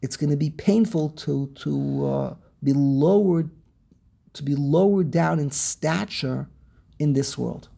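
A man teaching a text class over a video call, weaving Hebrew terms into English, pausing and repeating words as he searches, and posing questions he then answers. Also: fairly high pitch, vocal fry, dark tone, slightly rough. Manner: asks and answers his own questions. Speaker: Torah teacher.

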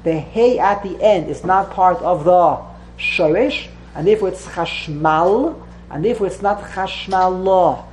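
A woman's voice: on the low side, normal speed, a little mellow, a little hiss or hum, low-quality recording. A woman teaching a religious text class to students, explaining patiently and often repeating and correcting herself.

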